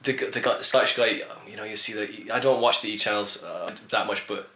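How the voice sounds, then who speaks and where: A man's voice: on the low side, brisk, bright, forceful tone. A man, hosting a casual podcast chat, rambling, swearing and laughing often. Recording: echoey room with faint noise.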